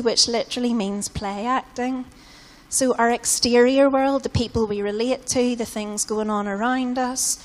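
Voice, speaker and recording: A British woman preaching a sermon in a casual, conversational way, often saying "like" and "you know". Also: fairly high pitch. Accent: British English. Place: church hall. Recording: long hall reverb in a church.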